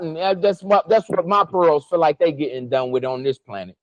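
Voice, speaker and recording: A man's voice: moderate pace, few pauses, no room sound, poor audio. Fiery profane man preaching spiritual truths. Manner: preachy, profane and emotional, pitch swinging widely. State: fasting. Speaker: spiritual vlogger. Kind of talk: impassioned spiritual monologue.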